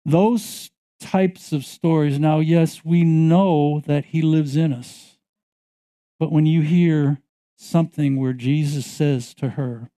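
A man's voice: a little high, takes it slowly, dark tone. A man preaching a sermon, retelling a story with many repetitions and building to emphatic passages. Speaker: pastor.

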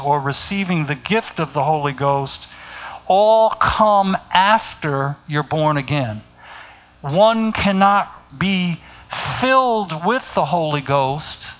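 Slow, deliberate preaching man. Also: a little high, fairly bright tone, low-quality recording. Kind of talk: sermon.

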